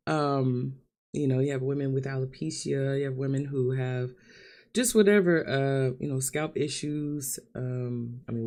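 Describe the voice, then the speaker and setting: A woman's voice: very deep voice, darkish tone. A young woman talking to camera in a vlog, crying and nervous, laughing through her tears. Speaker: vlogger. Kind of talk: emotional vlog confession.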